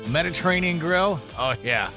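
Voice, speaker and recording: A man's voice: on the high side, expressive, moderate pace, over music. A man co-hosting a radio morning show, bantering and announcing segments in an upbeat way.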